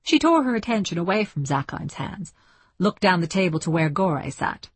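A woman narrating a novel in an even, descriptive audiobook reading. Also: fairly low pitch, normal speed, slightly rough, dry recording.

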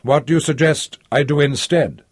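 A man voicing a tense, determined baroness in an audiobook reading, quiet and strained. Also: sits low, slow pace, husky, no echo, clean studio sound, pitched below the performer's own voice, heavily acted. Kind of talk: audiobook character voice.

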